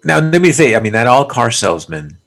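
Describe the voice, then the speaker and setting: A man's voice: mid-range voice, sing-song, brisk, gravelly, a bit bright. A man co-hosting a podcast, talking in a laid-back, slangy way, saying "bro" and "dude". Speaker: podcast co-host. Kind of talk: casual chat.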